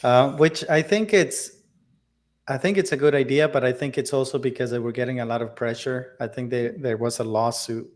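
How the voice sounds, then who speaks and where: On a tech podcast, a male co-host with a mid-range voice and fairly even intonation chats casually. He speaks haltingly, full of fillers and restarts, and laughs often.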